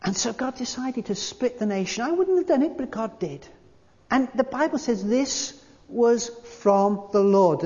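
A man preaching a sermon, emphatic, repeating key phrases and slowing down to read quotations. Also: sits high, a little mellow. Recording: dull lo-fi sound with long hall reverb.

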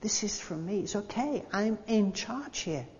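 A man voicing God as a calm, reassuring presence in a hushed, near-whispered delivery. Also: sits high, a little slow. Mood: soft reassuring. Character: God speaking gently, calm, reassuring and in charge. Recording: dull lo-fi sound with long hall reverb.

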